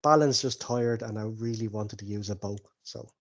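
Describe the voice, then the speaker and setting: A man's voice: lowish voice, moderate pace, dull audio. A man running a tabletop role-playing game as game master, describing the scene in an easygoing way with frequent chuckles.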